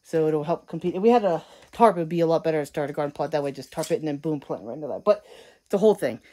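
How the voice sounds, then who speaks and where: A woman vlogger rambles along quickly in a mellow, low-ish voice. She sounds casual and chatty, recorded on a handheld camera at home. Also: lively intonation. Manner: rambling, chatty, talks to her cats. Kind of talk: casual vlog chat.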